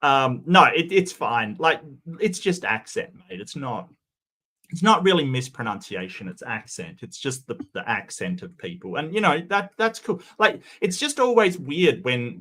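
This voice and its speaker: A man's voice: medium pitch, bright, forceful tone. A man hosting a casual livestream, reading forum posts and chat comments aloud and chatting about them.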